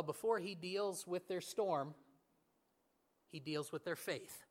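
A pastor with a fairly high voice delivers an earnest sermon, stumbling over fillers and restarting now and then. He often slows down, dropping to a near whisper on key words, so his voice swings between hushed and raised.

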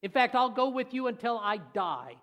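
A preacher acting out a brash boastful apostle. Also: male voice, very animated, moderate pace, heavily acted. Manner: high, loud, insistent protests. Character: brash eager male apostle, boastful like a kid.

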